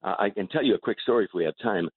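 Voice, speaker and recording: An older man, a comedian, telling stories with animated restarts in a radio interview over the phone. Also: lowish voice, rapid-fire, slightly rough, no echo. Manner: animated storyteller with repeated restarts. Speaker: guest comedian. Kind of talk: casual radio interview storytelling. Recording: tinny phone line.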